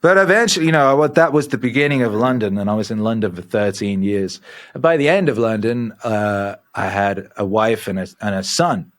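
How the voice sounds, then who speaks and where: Brief: middle-aged man, lowish voice, profane and animated storyteller. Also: fairly quick. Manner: swears freely, animated and rambling. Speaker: podcast guest. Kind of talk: casual storytelling.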